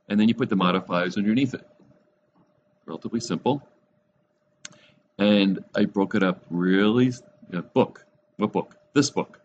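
Man, very low voice, teaching a class, loose and rambling with lots of ums, dull recording. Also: moderate pace, pauses often. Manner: relaxed, rambling, many fillers and restarts. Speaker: Bible study teacher. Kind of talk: classroom lecture. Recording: dull lo-fi recording with faint noise.

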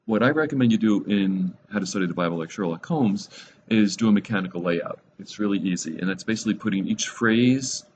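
A man teaching a Bible study class in a classroom, relaxed and rambling, with many fillers and restarts. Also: low-pitched. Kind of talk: classroom lecture. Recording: dull lo-fi recording with faint noise.

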